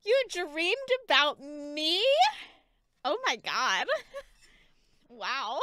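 Young woman streamer, high lively voice, giggly chatter, bright tone, dry close sound. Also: very slow, no room sound. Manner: giggly and chatty, talking to chat while changing onesies. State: out of breath. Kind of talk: casual livestream chat.

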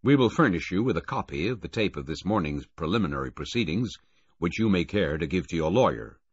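A deep-voiced, formal racing official in an audiobook, as a male reader puts him on. He speaks in a low, husky voice that lifts and falls with expression, in a dry, dull recording. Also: animated, brisk, no room sound.

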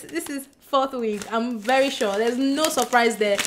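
A woman chatting excitedly to her camera as a book vlogger, bubbly and giggly, gushing as she goes. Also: a little high, moderate pace, few pauses, slight background noise. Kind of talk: excited casual vlog chat. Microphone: compact camera mic.

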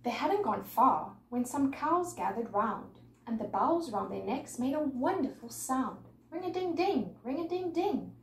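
A woman's voice: a little high, measured pace, hardly any pauses. Woman storyteller, sing-song rhyming read-aloud, roomy sound, mic far off. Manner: lively, sing-song rhythm. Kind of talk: reading a rhyming picture book aloud. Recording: echoey room, mic far off, faint noise.

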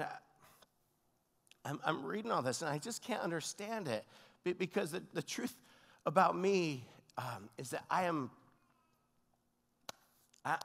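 A man preaching as a guest pastor, telling a story and acting out the voices, dropping to a hush and then rising to loud cries. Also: fairly high pitch. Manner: animated, acts out voices, swings between hushed and shouting. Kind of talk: storytelling sermon. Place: large church hall. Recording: long hall reverb.

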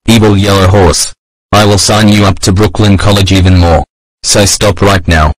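Guy playing a bossy strict dude in a homemade cartoon, very low voice, dry. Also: little pitch movement, normal speed, no echo, rough recording. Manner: bossy, issues orders and threats. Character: bossy strict man who keeps signing the horse up for school.

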